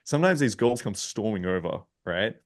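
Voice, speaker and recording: A man's voice: on the low side, animated, normal speed. A man, a dating coach on a panel, explaining his approach bluntly and with lots of swearing. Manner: blunt, profane, emphatic. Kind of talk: panel discussion.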